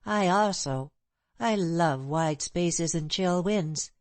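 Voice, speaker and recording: A woman's voice: fairly low pitch, slow pace, no echo. A woman reading the part of a bold, scornful, free-spirited young woman in an audiobook, impetuous and proud. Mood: defiant.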